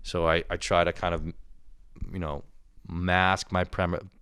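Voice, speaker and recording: Young guy, low smooth voice, profane rambling storyteller, close dry mic. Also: unhurried, no echo. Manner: profane, rambling, animated retelling. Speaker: vlogger. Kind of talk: casual storytelling monologue.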